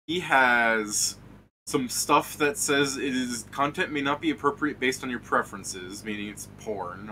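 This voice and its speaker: Rambling, swearing man with a bright voice. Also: mid-range voice, a little hiss or hum. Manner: rambling, profane storytelling with laughs. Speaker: streamer hosting a tabletop game. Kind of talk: casual pregame chat over voice call.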